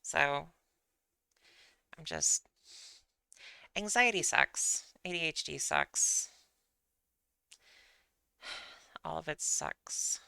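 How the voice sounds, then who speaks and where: Low, gravelly-voiced woman streamer, rambling. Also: big pitch swings, extremely slow, long pauses, bright, forceful tone, dry recording. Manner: rambling, self-deprecating, apologetic. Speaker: livestreamer. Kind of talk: casual rambling stream chat.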